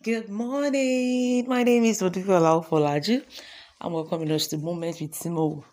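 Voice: mid-range voice, brisk, darkish tone. A devotional host leading a morning sermon, fervent and repetitive, calling listeners to repeat affirmations.

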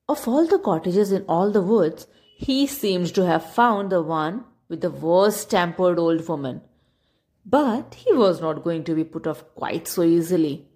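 A woman's voice: on the low side, unhurried. A woman reading a children's story aloud as storyteller, speaking to the kids. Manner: expressive, addressing kids.

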